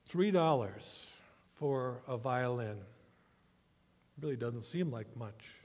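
A man pastor reading scripture and preaching a sermon, telling a story in a measured way and asking rhetorical questions. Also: mid-range voice, lively intonation, darkish tone. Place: church sanctuary. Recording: long church hall reverb.

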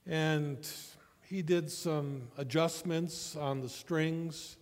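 A man pastor reading scripture and preaching a sermon, telling a story in a measured way and asking rhetorical questions. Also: fairly high pitch, steady tone, a little mellow. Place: church sanctuary. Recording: long church hall reverb.

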